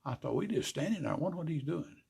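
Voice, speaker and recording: Gravelly older storyteller. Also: male voice, a little high, fast talker. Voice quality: gravelly, husky. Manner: folksy, animated storyteller acting out dialogue. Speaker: guest, former racer and car builder. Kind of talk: casual storytelling interview.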